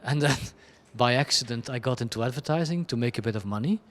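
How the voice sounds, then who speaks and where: A man's voice: mid-range voice, a little fast. A man, a creative director, answering interview questions in a candid, chaotic way, bluntly and with self-deprecating asides. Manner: chaotic, rambling, frequent restarts and laughs.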